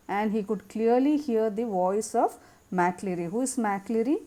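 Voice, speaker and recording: An English teacher with a mellow, medium-pitched voice reads a passage aloud, then explains it line by line in simple words as she teaches a lesson.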